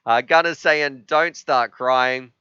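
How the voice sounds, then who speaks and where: A man hosting a live stream, chatting casually and reading chat messages aloud, sometimes halting with emotion. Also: medium pitch, bright, forceful tone, smooth, no echo. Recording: slightly dull, dry sound.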